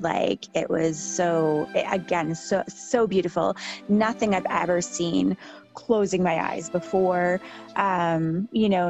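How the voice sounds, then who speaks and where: Female podcast guest, lower voice, soft and hesitant, faint music behind. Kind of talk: reflective conversational recollection.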